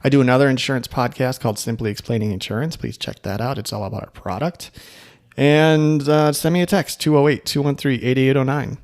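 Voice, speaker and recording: A man's voice: mid-range voice, steady tone, a little fast, a little mellow. Middle-aged male podcast host, casual coaching tone, friendly sales-tips delivery. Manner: upbeat, coaching, full of fillers and asides.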